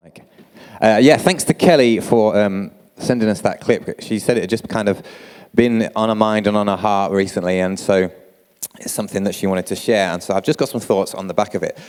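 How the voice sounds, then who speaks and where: A man's voice: fairly low pitch, fairly quick, darkish tone, smooth. A man leading his church in a casual, conversational sermon. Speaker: church leader. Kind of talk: informal sermon. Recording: long hall reverb.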